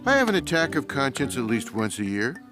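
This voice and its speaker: A man's voice: mid-range voice, very animated, brisk, over music, lightly acted. A man voicing Garfield, sly lazy cartoon cat. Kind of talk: cartoon voice acting.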